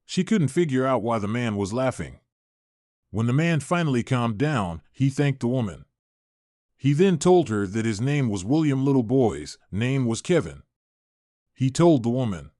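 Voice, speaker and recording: A man narrating a scripted viral story in an even, measured way. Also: medium pitch, dry recording, studio quality.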